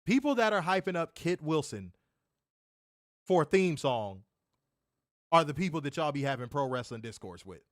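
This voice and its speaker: A man's voice: fairly high pitch, very animated, moderate pace, pauses often, no room sound, clean studio sound. A man co-hosting a wrestling review podcast, ranting in an exasperated way, swearing and repeating himself for emphasis. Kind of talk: casual chat.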